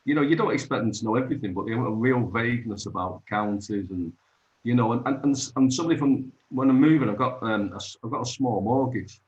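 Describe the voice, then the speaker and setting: A man's voice: medium pitch, fast, highs cut off. A man, hosting an open mic over a video call and chatting in a rambling, storytelling way. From Manchester, England. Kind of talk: casual chat.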